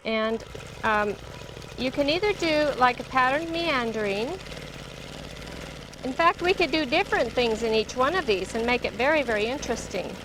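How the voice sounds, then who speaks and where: A woman teaching longarm quilting, narrating each step chattily as she stitches in her studio. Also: high voice. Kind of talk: hands-on demonstration. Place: quilting studio beside a running longarm machine. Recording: steady machine noise behind the voice. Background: longarm sewing machine hum.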